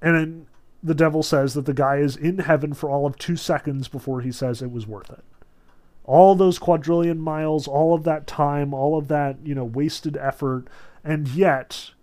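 A man casually lecturing on a novel, explaining its scenes in a relaxed way with many fillers. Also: on the high side, normal speed. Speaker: literature lecturer.

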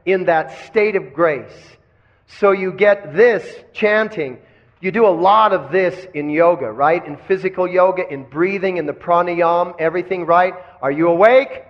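A man's voice: high voice, normal speed. A man teaching kundalini yoga in a live lecture, asking the class questions and having them repeat phrases back. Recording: dull lo-fi recording.

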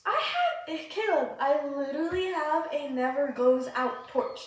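A woman hosting a gaming podcast, chatting casually and excitably while she plays, giggling often and sounding sick. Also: high voice, normal speed. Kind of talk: casual gameplay chat. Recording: very echoey room, distant mic, faint hiss.

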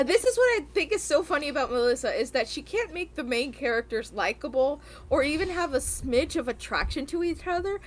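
A woman co-hosting a casual podcast chat, ranting in an animated way, swearing freely and laughing often. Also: sits high, a little hiss or hum. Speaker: podcast co-host.

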